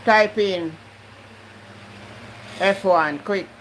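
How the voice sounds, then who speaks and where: A woman's voice: mid-range voice, extremely slow, fairly bright tone, a little hiss or hum, low-quality recording. A woman with a Jamaican accent hosting a live stream, slipping into patois and talking straight to her viewers. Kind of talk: casual live-stream chat.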